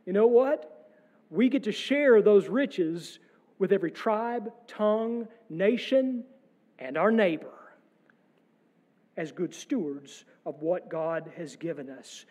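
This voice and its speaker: High-voiced male pastor, slow and reverberant. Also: lively intonation, a little mellow, lo-fi sound. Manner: measured, rhetorical questioning with wry asides. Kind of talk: sermon. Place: church sanctuary. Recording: long church reverb.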